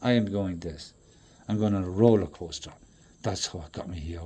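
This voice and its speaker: Husky low-voiced guy ranting on and on, swearing a lot, loud then mumbling. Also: animated, fast talker. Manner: swearing, rambling, swings from loud bursts to mutters. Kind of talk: rambling monologue to camera.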